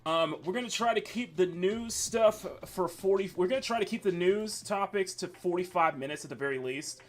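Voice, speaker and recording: A man's voice: high voice, moderate pace. A young man hosting a livestream in casual, rambling chat with many fillers and restarts. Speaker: streamer host. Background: faint menu music.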